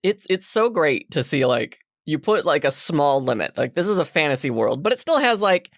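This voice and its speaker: A woman with a low voice chats on a podcast about a tabletop game she ran. Her pitch swings widely as she acts out her players' lines. The sound is dry and close. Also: normal speed, dry recording. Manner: animated storytelling, acts out quotes. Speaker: podcast co-host and game master. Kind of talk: casual podcast chat.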